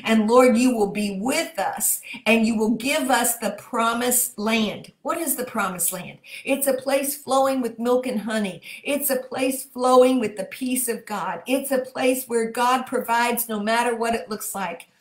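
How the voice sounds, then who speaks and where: Fervent Texan woman leading prayer. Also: on the high side. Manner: fervent, slows to stress phrases, repeats key words. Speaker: prayer leader. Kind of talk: livestreamed prayer and scripture reading. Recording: echoey room.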